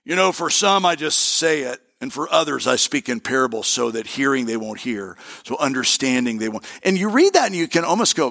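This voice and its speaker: A middle-aged man, a pastor, preaching a sermon in an animated way, repeating his phrases and talking straight to the congregation. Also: medium pitch, fairly quick, vocal fry, hardly any pauses.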